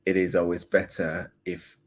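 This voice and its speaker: A man's voice: low-pitched, completely flat delivery, moderate pace, slight background noise. A man hosting a reaction video, giving a thoughtful, reflective commentary. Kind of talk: casual commentary.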